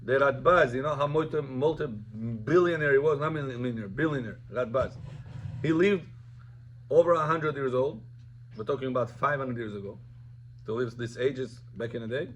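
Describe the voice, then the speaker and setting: A man's voice: medium pitch, moderate pace, muffled recording, a little hiss or hum. A man, a rabbi, teaching a Talmud lesson informally, telling the story and mixing Hebrew terms into plain English.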